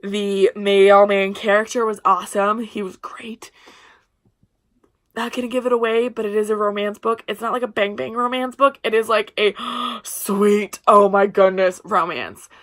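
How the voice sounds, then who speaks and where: A woman's voice: medium pitch, fairly even intonation, moderate pace. A young woman in a casual book review vlog, chatty and gushing, often trailing off mid-sentence while talking to her camera. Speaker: book vlogger.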